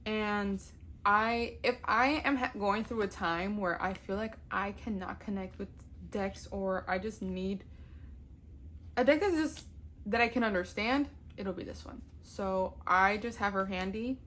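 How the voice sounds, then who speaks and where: A woman's voice: mid-range voice, a little slow, fairly bright tone. A young woman chatting casually on camera as a vlogger, gushing, swearing freely and laughing often. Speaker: tarot vlogger. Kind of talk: casual chat.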